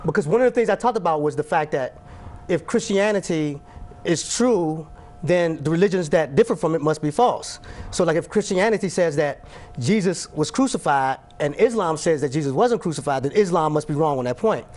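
A man's voice: a little high, lively intonation, a little mellow. A man hosting an interview, asking questions and telling stories in an emphatic, repetitive way. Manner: brisk, emphatic, repeats words. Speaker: host, apologist.

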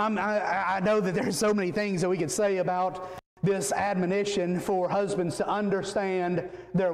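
A male pastor preaching a sermon in a folksy, joking way, often repeating words as he goes. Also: sits high. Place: church sanctuary. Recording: echoey church hall reverb.

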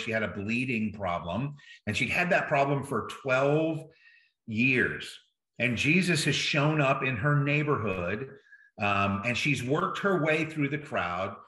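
A male pastor preaching a sermon in a bright, forceful voice, talking conversationally and checking in with his listeners as he goes. He is recorded in an echoey room. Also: mid-range voice. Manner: conversational, checks in with "right?" and "okay?".

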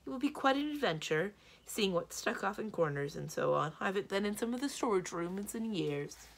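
A woman voicing a brisk, fussing, motherly female giant. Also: medium pitch, expressive, creaky.

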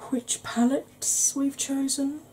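A woman hosting a makeup tutorial, chatting in a rambling, conversational way and sometimes dropping into a soft whisper. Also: high-pitched, little pitch movement, takes it slowly, slight background noise, poor audio. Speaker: beauty channel host.

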